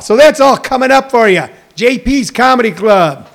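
A man's voice: extremely high pitch, animated, normal speed, vocal fry, fairly bright tone. A man in his sixties, a comedian, talking casually and jokily to viewers on a live stream, rambling through stories and news. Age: 60s. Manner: rambling, jokey, addresses viewers directly.

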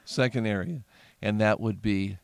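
A middle-aged man, a pastor, talking in a casual podcast conversation as an earnest storyteller who grows animated when retelling. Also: on the low side, unhurried, creaky, no room sound.

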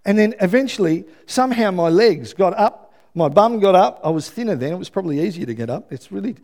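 A middle-aged Australian man preaching a sermon, telling a personal story with lively, acted-out quotes and asides. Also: sits high, brisk. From Melbourne, Australia.

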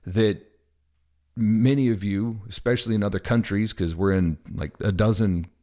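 A man from the Midwest with a Southern US accent, a podcast host talking through ideas in a casual monologue, animated and full of restarts. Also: lowish voice, moderate pace. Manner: animated, thinks aloud with many restarts.

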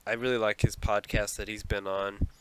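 A man's voice: lowish voice, little pitch movement, normal speed, a bit bright, smooth, low-quality recording. A man hosting a solo podcast from a small closet, rambling and self-deprecating and often laughing at himself. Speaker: podcast host.

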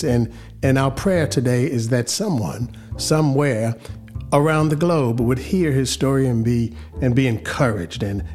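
A man's voice: medium pitch, a little mellow. New pastor guy hosting faith talk, earnest, lots of restarts. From New York, US. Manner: measured, earnest, restarts often. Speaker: podcast host, reverend.

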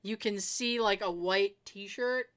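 A woman chatting casually, telling an animated story, laughing often and acting out the people she quotes. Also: medium pitch, takes it slowly.

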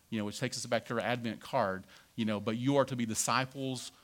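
A man's voice: medium pitch, steady tone, a little fast, few pauses. A man preaching a conversational sermon as pastor, often tagging lines with "right?" and "you know".

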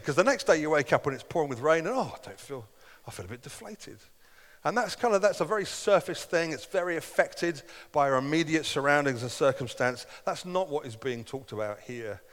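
Pastor preaching in a reverberant hall. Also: male voice, a little high, fairly bright tone. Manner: earnest, conversational preaching with dramatic quoted asides. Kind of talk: sermon.

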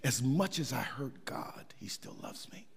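Middle-aged preacher in a reverberant hall. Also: male voice, mid-range voice, lively intonation, a little slow, creaky, slightly rough. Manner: conversational preaching with repeated words and restarts. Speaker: pastor. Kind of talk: sermon. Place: church sanctuary.

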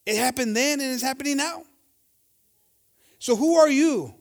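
Fiery high-pitched preacher switching languages. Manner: switches between English and Spanish, calls the congregation "hermanos"; reads scripture slowly, then preaches with rising shouts. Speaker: pastor. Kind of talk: bilingual sermon.

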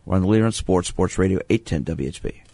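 A man's voice: low voice, quick pace, warm tone, dry recording. A man from Brooklyn hosting a sports radio call-in show, telling stories and often restarting his sentences. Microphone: studio microphone.

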